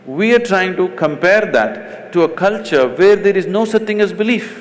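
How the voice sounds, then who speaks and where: A middle-aged man with an Indian accent, a spiritual teacher in a stage conversation, talking emphatically with teasing asides and slow deliberate stresses. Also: high-pitched, expressive.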